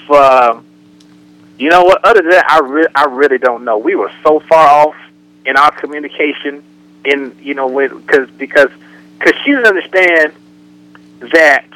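Dude joking around on a radio talk show, kinda high voice, super dry mic. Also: male voice, no room sound, low-quality recording. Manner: joking storyteller, animated impressions. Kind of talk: casual comedic radio talk.

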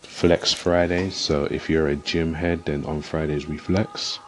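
A man's voice: extremely low pitch, level tone, measured pace, faint music behind. A man hosting his own vlog, greeting viewers with a hyped, upbeat manner. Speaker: vlogger. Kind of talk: casual vlog intro.

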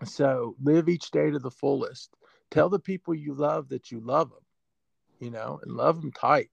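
Gravelly, emotional man telling a story. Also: mid-range voice, darkish tone, no room sound, dull audio. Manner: emotional, halting with fillers. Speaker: sports information director. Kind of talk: storytelling in an interview.

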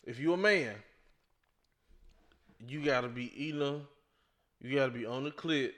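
A man in casual conversation, talking bluntly and with lots of energy. He keeps cutting in with repeated words to take the floor, and his voice sits at an ordinary middle pitch. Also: measured pace, fairly bright tone. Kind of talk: casual chat.

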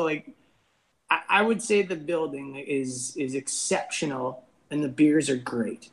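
A man's voice: medium pitch, gravelly, poor audio. A laid-back man, chatting casually as a brewery owner on a video call. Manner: laid-back, says "man" often, laughs easily. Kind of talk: casual interview chat.

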